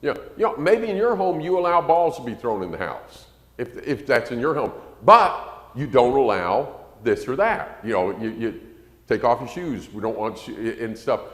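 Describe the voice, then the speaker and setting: A man preaching a sermon in a folksy, conversational way, his pitch rising and falling freely. He sometimes acts out quoted parents in a shrill voice. The sound carries the long reverb of a roomy church hall. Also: big pitch swings, normal speed, fairly bright tone. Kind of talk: sermon lesson to a congregation.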